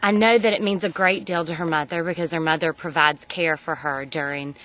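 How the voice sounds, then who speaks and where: A woman's voice: sits low, fairly even intonation, a little fast, a bit bright, slight background noise. A woman on the camp staff speaking earnestly in an interview about what the camp means to campers.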